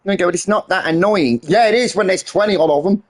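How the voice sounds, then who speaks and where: A man's voice: sits high, fast talker. A man streaming a game, ranting in an exasperated, heavily sweary way. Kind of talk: casual live-stream rant.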